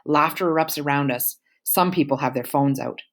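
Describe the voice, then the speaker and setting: A woman reading a first-person novel aloud in an expressive, emotional way. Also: low-pitched, moderate pace. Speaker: audiobook reader.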